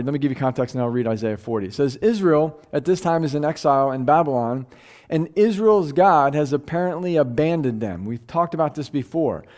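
A man's voice: fairly high pitch, warm tone. A man preaching a sermon, reading scripture aloud and asking his listeners questions in a conversational way. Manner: conversational, asks the room questions; reads scripture aloud, slowing for emphasis. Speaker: pastor.

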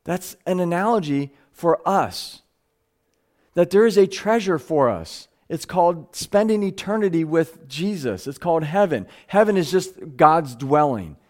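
A man's voice: fairly high pitch, expressive, unhurried, a little mellow. A man preaching a live sermon to a gathering, earnest, often stumbling over words and restarting phrases, his voice rising and speeding up when he stresses a point.

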